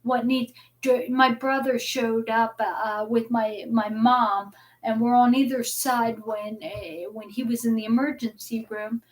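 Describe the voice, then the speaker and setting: A woman's voice: fairly high pitch, fairly even intonation, measured pace. A middle-aged woman hosting a live talk stream, rambling and often repeating words as she restarts her sentences. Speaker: host.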